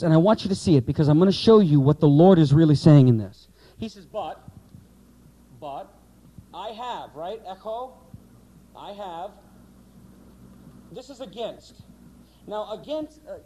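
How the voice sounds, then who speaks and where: Male pastor-teacher, Bible class lecture, asks the room questions, dry close sound, mellow slightly high voice. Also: no room sound, rough recording. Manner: explanatory, rhetorical questions, asides to class.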